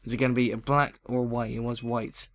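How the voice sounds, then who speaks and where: Speaking quickly in a mid-range voice, a man gives excitable let's play commentary and chats to the animals in the game.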